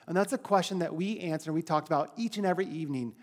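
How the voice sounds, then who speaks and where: Holding a handheld mic, a man who led a church mission team tells the congregation about the trip in a chatty, casual report, livening up whenever he quotes someone. His voice is fairly high and he talks quickly, barely pausing.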